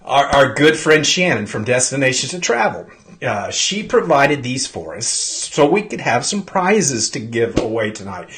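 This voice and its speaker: A man hosting a live stream, his throat clogged from pollen. He talks in an excitable, rambling way and greets viewers one by one. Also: medium pitch, unhurried. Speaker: host.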